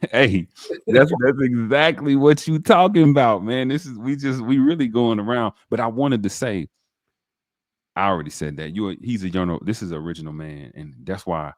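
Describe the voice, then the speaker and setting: Deep voiced guy hosting a podcast, all fired up, talks right to the viewers, dry mic. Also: normal speed, dry recording. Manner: animated, preacher-like, addresses viewers directly. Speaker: podcast host. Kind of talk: enthusiastic interview talk.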